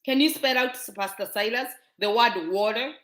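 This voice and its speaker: A woman's voice: a little high, normal speed, a bit bright. A Kenyan woman with a Kenyan accent hosting her show, lecturing viewers in a fervent, scolding way full of rhetorical questions. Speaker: show host. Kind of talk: impassioned monologue to viewers. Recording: echoey room.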